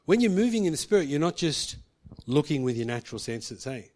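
A man with a slightly high voice preaches a sermon to a congregation. He tells a personal story and stops to ask the listeners questions. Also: big pitch swings, a little fast, a little mellow.

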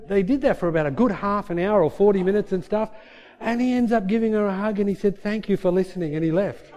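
A man preaching, his voice sitting a little high. He tells a story with animated energy, dropping soft and low in the sad parts and climbing to loud, excited peaks. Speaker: pastor. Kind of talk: sermon storytelling.

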